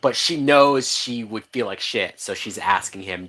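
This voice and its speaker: Animated, swearing man reacting to a film. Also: fairly low pitch, measured pace. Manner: animated, profane, laughs often, many restarts. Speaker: movie reaction host. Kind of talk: casual live-watch movie commentary.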